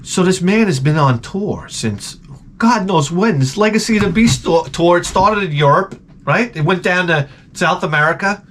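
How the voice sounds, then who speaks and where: A man's voice: high-pitched, lively intonation, normal speed, a bit bright, a little hiss or hum. A middle-aged man hosting his own show, telling a profane, rambling, self-mocking story full of stammered restarts. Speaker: show host. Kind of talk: casual comedic rant.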